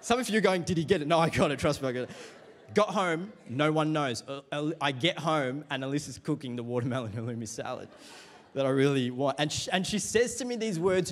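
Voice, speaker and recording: Animated man preaching a sermon. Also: on the high side, fairly quick. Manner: animated storytelling with congregation call-and-response. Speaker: pastor. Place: church.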